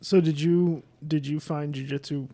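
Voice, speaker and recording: Male podcast host, fairly high and mellow voice, steady interviewer. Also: moderate pace. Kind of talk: interview questions.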